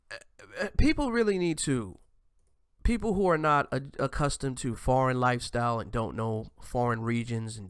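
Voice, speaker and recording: Hosting his own online show, an American man talks off the cuff in a mid-range, medium-pitched voice, animated and casual. He keeps tacking "man" onto the ends of his lines and often stops to restart a thought. The recording is close and dry, with no echo or room sound.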